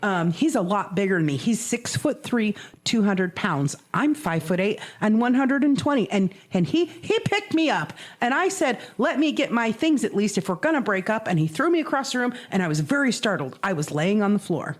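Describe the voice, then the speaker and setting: A woman's voice: medium pitch, a little fast, few pauses. A woman co-hosting a podcast, retelling a true crime case in casual chat, acting out the quotes and laughing often. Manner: animated storyteller, acts out quotes, swears, laughs often. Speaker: podcast co-host.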